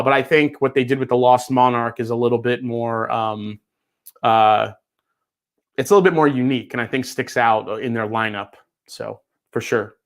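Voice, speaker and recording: A man in his own everyday, mid-pitched voice hosts a loose livestream chat. He drifts between thoughts, leans on "uh" and "um", and answers viewers as if they were friends at the bar. His tone is friendly and unhurried. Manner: relaxed, chatty, reads and answers chat; many fillers, laughs easily. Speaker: livestream host.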